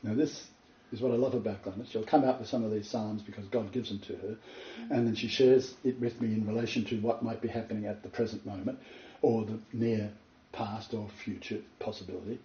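An emphatic man explains scripture and tells a story in a mellow, dark voice. He sounds distant from the mic, in an echoey room. The recording is dull and lo-fi. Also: lowish voice, a little fast. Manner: earnest, emphatic, building to excited points. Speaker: Bible teacher. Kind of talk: spoken Bible teaching, storytelling. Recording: roomy, far from the mic, dull lo-fi.

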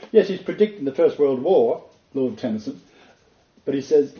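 A man's voice: mid-range voice, animated, normal speed, pauses often, roomy sound, highs cut off. A man giving sermon-style Bible teaching, reading quotations with expression and adding his own asides. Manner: reads poetry and quotes expressively, then comments in asides.

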